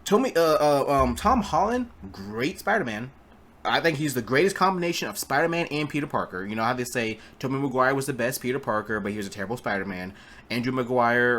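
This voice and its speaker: A man's voice: medium pitch, very animated, a little fast, fairly bright tone. A man giving a casual spoken film review, rambling with stumbling restarts and blunt, profane remarks. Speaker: movie reviewer.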